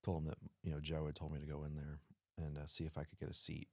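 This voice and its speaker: This man has a very deep voice and talks quickly, recorded at studio quality with no room sound. He's a former Navy SEAL guest in an interview, casually and animatedly telling a story, acting out the dialogue he quotes and leaning on frequent fillers.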